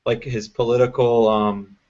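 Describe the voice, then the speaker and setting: A man's voice: mid-range voice, flat delivery, unhurried, a little mellow. A man hosting a live political panel show, talking in an opinionated, emphatic and rambling way. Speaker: show host. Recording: lo-fi web stream audio.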